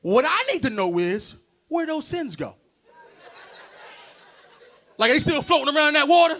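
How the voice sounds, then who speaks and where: A man doing a stand-up comedy set, loud and animated, working the crowd between bits. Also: extremely high pitch, a little slow. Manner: loud, animated crowd work with frequent laughs. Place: stage before a live audience.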